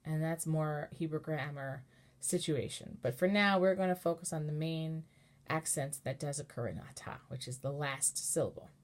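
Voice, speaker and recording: A woman cantor giving a relaxed, patient lesson on chanting, explaining step by step and singing short chanted examples. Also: low-pitched, moderate pace. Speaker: cantor teaching Torah chanting. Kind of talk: informal online lesson with sung examples.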